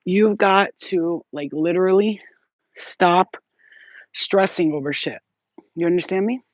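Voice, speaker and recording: A woman's voice: fairly low pitch, measured pace, dry recording, muffled recording. A woman giving a casual live psychic reading, rambling and chatty, swearing and laughing often. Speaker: psychic reader.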